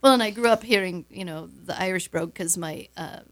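A middle-aged woman chatting as a guest in a radio studio, telling stories with quick laughs. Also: fairly low pitch. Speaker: guest, show emcee. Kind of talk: casual radio interview chat.

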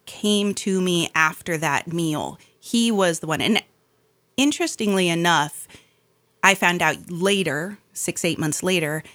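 A middle-aged woman telling her life story in a relaxed conversation, acting out the voices of the people she quotes. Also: on the low side, measured pace. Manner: animated, acts out quoted voices.

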